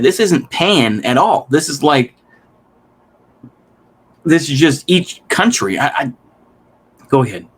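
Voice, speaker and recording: A man's voice: on the high side, breathy edge. Rambling, exasperated male commentator. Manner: rambling, restarts, swears, exasperated. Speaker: commentary host. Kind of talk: casual reaction commentary.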